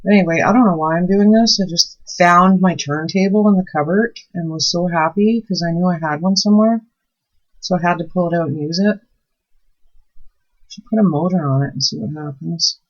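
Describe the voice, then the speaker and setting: A woman's voice: fairly low pitch, a little fast. A woman chatting casually while making soap, telling stories and easily delighted. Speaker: soap maker and channel host. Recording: dull, muffled recording.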